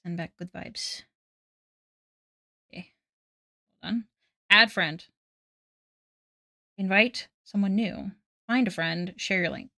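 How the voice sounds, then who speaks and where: A woman's voice: medium pitch, slow pace, vocal fry, long pauses, pushed and bright, no echo. Chatty woman streamer, dry close mic. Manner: chatty, self-deprecating, laughing often. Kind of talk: casual live-stream chat.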